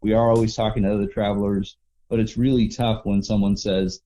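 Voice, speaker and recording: A man telling travel stories in a relaxed, rambling way as an interview guest, acting out the people he met. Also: lowish voice, fast. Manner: relaxed, rambling with restarts and acted-out quotes. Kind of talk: casual storytelling interview.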